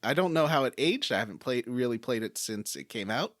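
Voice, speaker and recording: Male podcast co-host, excitable rambler, very animated pitch. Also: brisk, dry recording, studio quality. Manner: rambling, enthusiastic, restarts. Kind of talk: casual podcast chat.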